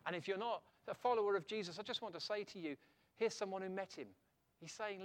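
A middle-aged male preacher with a high, bright-sitting voice delivers a sermon. He speaks in an animated way, often turning to his listeners with rhetorical questions and tag questions. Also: fast.

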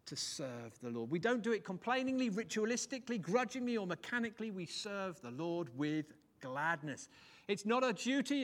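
Delivering a sermon in church, a man keeps things animated and jokey. His pitch and volume rise and fall for emphasis.

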